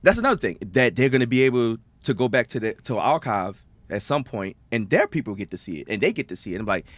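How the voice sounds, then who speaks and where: A man from Jamaica talks quickly in a relaxed podcast chat, and his pitch swings wide when he acts out quotes. His voice is dry and close, with little room sound. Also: dry recording. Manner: animated storyteller, acts out quotes. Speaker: podcast guest, actor. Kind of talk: casual chat.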